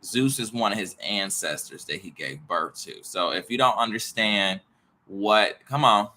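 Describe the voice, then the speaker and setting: Rambling man with a bright, forceful voice. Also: fairly low pitch, unhurried. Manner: repetitive, jumps between ideas, mutters swears to himself. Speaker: astrology and tarot teacher. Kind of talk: rambling casual monologue.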